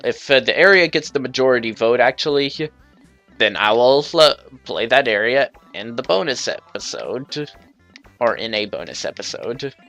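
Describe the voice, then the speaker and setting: A man hosting a let's play, giving relaxed, slow-paced commentary over faint game music. His voice has a bright, forward edge. He rambles a little and restarts his sentences as he talks. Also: mid-range voice. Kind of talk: casual gameplay commentary.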